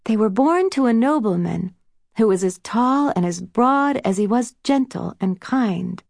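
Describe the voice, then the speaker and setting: Woman reader playing a gentle girl, soft and murmuring, a little higher than the narration, in an audiobook. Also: animated, unhurried, gravelly, dry recording, studio quality, full character voice. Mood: soft storytelling. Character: gentle soft-spoken older sister, patient.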